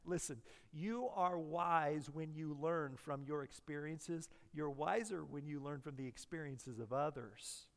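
A male pastor preaching a sermon to his congregation. He talks emphatically, repeats his key phrases, and swings between hushed and loud delivery. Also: on the high side, unhurried, creaky. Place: church sanctuary. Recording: long reverb of a large hall.

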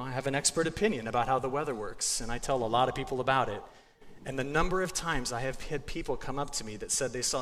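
A man's voice: mid-range voice, fairly bright tone. A man in his forties gives a sermon in a conversational, joking way, often restarting his sentences. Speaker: guest speaker, meteorologist. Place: church sanctuary. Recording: long hall reverb, faint ambient noise.

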